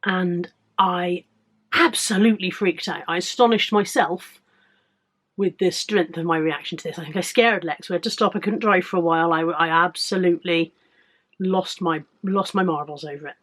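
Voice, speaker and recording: A woman in her late forties with an English accent, talking candidly and a little croakily in a casual vlog about her weight-loss week. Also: fairly low pitch, normal speed, fairly bright tone. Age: 40s. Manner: candid, chatty, rambling with restarts. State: slightly croaky.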